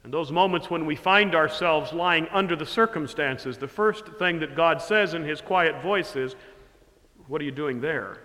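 A man preaching a sermon slowly and deliberately, swinging from loud emphasis down to hushed quiet. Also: a little high, long reverb tail.

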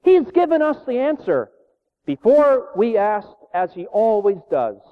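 A man reading the lines of a serene, devout woman prisoner, lifting his voice higher and speaking with earnest, gentle insistence. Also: very animated, normal speed. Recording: tinny phone-like sound in a reverberant hall.

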